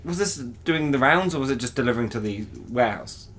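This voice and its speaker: A man's voice: mid-range voice, animated, a little fast, a bit bright. A man, co-hosting a casual podcast and teasing his friends with jokes. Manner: teasing, jokey. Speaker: podcast co-host. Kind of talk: casual chat.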